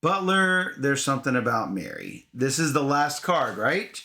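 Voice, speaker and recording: A man co-hosting a casual board game playthrough, animated and chatty, reading cards aloud. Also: mid-range voice, unhurried, creaky. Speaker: co-host of board game videos.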